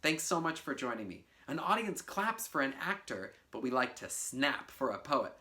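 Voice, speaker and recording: A woman's voice: extremely low pitch, big pitch swings, moderate pace, pushed and bright. A woman teaching artist giving a playful, encouraging poetry lesson to children, speaking directly to them. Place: home video for a virtual class.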